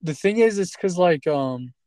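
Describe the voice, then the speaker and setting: A man's voice: on the high side, lively intonation, moderate pace, warm tone, no room sound. A man filming on a phone and questioning someone, hesitant, restarting his sentences with "um" and "like". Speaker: interviewer filming a confrontation. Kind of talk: slow casual questioning. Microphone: holding a phone camera.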